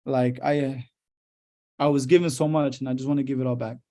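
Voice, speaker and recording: A man's voice: mid-range voice, little pitch movement, brisk, warm tone. A young adult man from Houston, Texas, a lawyer giving a casual motivational talk, swearing freely and telling his story with emphatic drive. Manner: profane, emphatic, fired-up storytelling.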